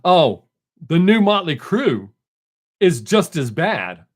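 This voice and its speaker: A man's voice: a little high, big pitch swings, slow. An older man hosting a live stream, in casual folksy chat, joking and greeting viewers from the chat by name.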